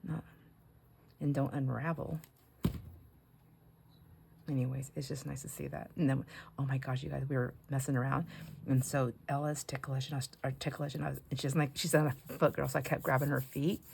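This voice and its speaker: Low, gravelly-voiced woman chatting while crafting. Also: little pitch movement, fairly quick, pauses often, slight background noise. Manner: rambling and chatty, with soft near-whispered asides. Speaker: craft vlogger and grandmother. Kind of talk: casual chat while crafting.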